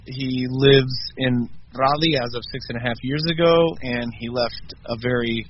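A man of medium pitch talks as a musician on a radio interview. He is reflective and soft-spoken, often hesitating mid-thought. The sound is a bit muffled, with faint background noise. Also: fairly even intonation, normal speed. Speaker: musician guest. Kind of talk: casual interview.

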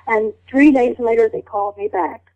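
An older woman being interviewed, telling lively stories and slipping into rough character voices. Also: fairly high pitch, moderate pace, lo-fi sound. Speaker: guest. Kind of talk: storytelling interview chat.

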